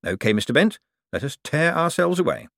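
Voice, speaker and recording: Brief: man as a smooth, teasing young con man, lively, swooping pitch. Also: normal speed, dry recording, heavily acted. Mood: glib. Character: quick-witted, smooth-talking young male con man.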